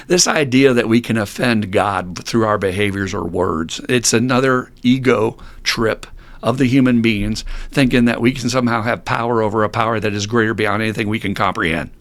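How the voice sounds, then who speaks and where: A middle-aged man talking casually on a recovery podcast, blunt, animated and laughing often as he swears freely. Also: fairly low pitch. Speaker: podcast host.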